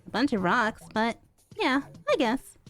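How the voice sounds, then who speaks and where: Give me a blunt, teasing young woman, as a female streamer voices her, high and lively. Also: unhurried, soft background music. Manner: cocky, teasing. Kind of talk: fanfic read-aloud on stream.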